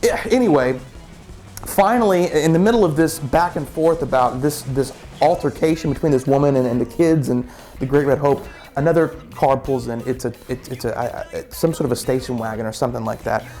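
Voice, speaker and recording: A man's voice: mid-range voice, a little fast, dark tone, soft background music. A man telling a story casually, with many restarts and repeated words.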